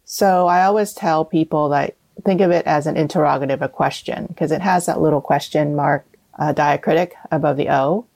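Gravelly-voiced woman guest from Vietnam. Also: sits low, normal speed, no room sound. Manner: relaxed, explanatory, laughs often. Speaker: guest, cookbook author. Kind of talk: casual interview chat.

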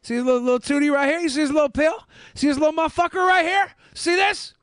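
A man's voice: very high voice, fast, a bit bright, dry recording, clean studio sound, voice pushed up. A man doing a mock impression of a smug, scheming male strongman leader who taunts and threatens. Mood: taunting.

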